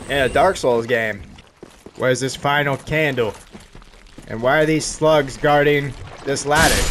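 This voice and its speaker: A young man joking his way through a video game as a let's play commentator, with sudden excited yelps. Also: mid-range voice, a little hiss or hum. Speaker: gaming YouTuber.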